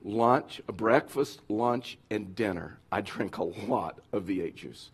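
A middle-aged man preaching as a pastor, lively and conversational, now and then acting out whiny complaining voices. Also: fairly low pitch, slow pace, breathy edge. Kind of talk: sermon.

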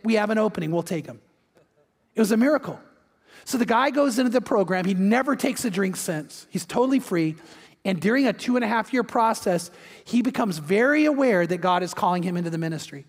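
Pastor guy preaching, high voice, tells the story with lots of energy, does little voices, big hall echo. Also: brisk. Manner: energetic, acts out quoted voices. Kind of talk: sermon storytelling. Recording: long hall reverb.

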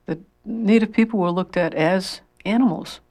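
A radio call-in host who teaches a class on tribal relations, speaking haltingly with many restarts into a close studio mic. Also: medium pitch, gravelly, darkish tone, no room sound. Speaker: radio talk show host.

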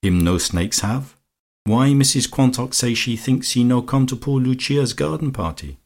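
A man's voice: medium pitch, animated, normal speed, darkish tone, pitched above the performer's own voice. A man reading aloud and voicing a domineering middle-aged society lady who uses affected baby talk and Italian endearments.

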